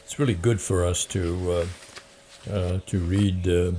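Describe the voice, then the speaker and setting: A man's voice: low voice, fairly even intonation, a little slow, dark tone, slight background noise. A man who hosts a Christian channel, reading a story aloud and then reflecting on it, often hesitant with fillers. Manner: hesitant with fillers when speaking freely.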